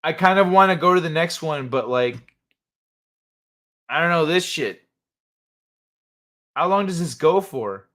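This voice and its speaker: A man's voice: on the high side, expressive, a little slow, pauses often, fairly bright tone. A man hosting a livestream, chatting casually and reading viewers' messages aloud with loose, profane asides that trail off into mumbles. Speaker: livestream host.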